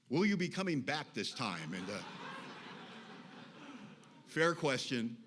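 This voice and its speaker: A man's voice: on the high side, a bit bright. A middle-aged man shares his recovery story at a meeting. His voice sits a little above the usual male range. He tells it with dry humor and blunt confession, and it builds to urgent pleading. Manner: wry, confessional storytelling that grows impassioned.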